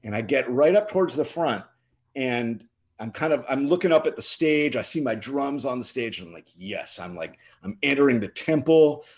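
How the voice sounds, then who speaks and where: A man with a husky, slightly breathy voice tells a story from his gigging past in a relaxed, chatty way. He slips into animated voices for the people in his anecdote. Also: mid-range voice, normal speed. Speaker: drummer and co-host. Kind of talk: casual storytelling.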